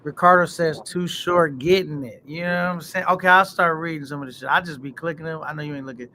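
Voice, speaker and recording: A man's voice: fairly high pitch, fairly even intonation, fast talker, bright, forceful tone, a little hiss or hum. A man hosting a casual livestream, bantering in slang and reading out viewer comments. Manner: laid-back slangy banter, reads chat comments. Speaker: livestream host.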